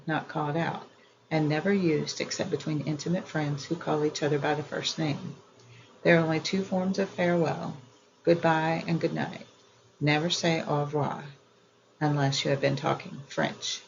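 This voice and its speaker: Woman reading with a gravelly edge. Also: low-pitched, a little mellow, lo-fi sound, a little hiss or hum. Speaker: audiobook reader. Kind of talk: reading an old etiquette book aloud.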